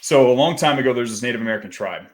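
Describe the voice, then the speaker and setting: A man's voice: medium pitch, very fast. A man from the Rocky Mountain region of the US hosting a morning motivational call, telling a story in a conversational way with frequent asides and restarts. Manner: conversational, repeats "right?", restarts phrases.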